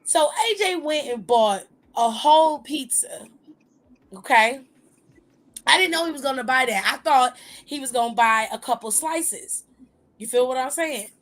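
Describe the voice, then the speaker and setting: A woman hosting a talk show, retelling a personal story in a lively, animated way, with asides to her listeners. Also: high-pitched, a little slow. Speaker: host.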